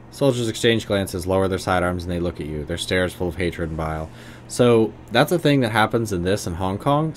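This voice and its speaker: A man with a low voice streams a game, reading its text aloud and tossing in sarcastic, casual remarks as a let's play commentary. A faint hiss or hum sits on the recording.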